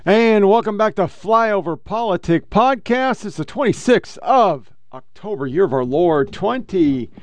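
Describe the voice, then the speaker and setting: A man with a smooth, clear voice hosts a political podcast, loose and sarcastic, cursing as he goes. The sound is dry and close, with a slightly high pitch. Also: lively intonation, a little slow, no room sound. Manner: loose, sarcastic, swears freely. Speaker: podcast host. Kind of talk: casual political podcast chat.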